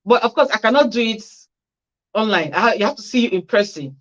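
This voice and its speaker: A woman's voice: mid-range voice, lively intonation, fairly quick. Female host of a casual livestream Q&A, reading viewer comments and giving friendly practical answers; dull, lo-fi audio. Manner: reads viewer comments aloud and answers with chatty advice. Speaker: care worker hosting a Q&A livestream.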